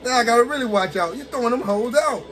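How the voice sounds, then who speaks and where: A gaming streamer, a man with an extremely high-pitched voice, talks fast while casually narrating his own fighting game match. He's excitable, laughs a lot, and speaks directly to the characters on screen.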